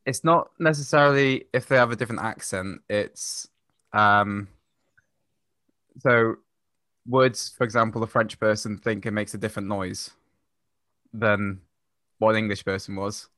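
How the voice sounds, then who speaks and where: A man guest on a casual podcast, patiently explaining and telling a story with many pauses and ums. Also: fairly low pitch, fairly even intonation, fairly bright tone, no echo, clean studio sound.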